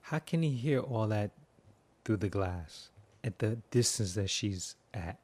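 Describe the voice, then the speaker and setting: A man's voice: fairly low pitch, animated, unhurried, a little mellow, breathy edge. A man giving casual film commentary, riffing with heavy profanity and mimicking sound effects.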